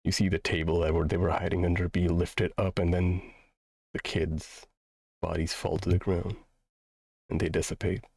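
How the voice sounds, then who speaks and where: A man narrating as a tabletop game master, describing a scene slowly with pauses. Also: deep voice, level tone, creaky, darkish tone, breathy edge, no room sound.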